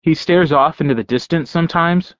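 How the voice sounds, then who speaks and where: A man's voice: fairly high pitch, brisk, fairly bright tone, dry recording, voice pushed up, lightly acted. Guy doing a teasing young dude, mock helpful, dull dry sound. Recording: slightly dull dry audio.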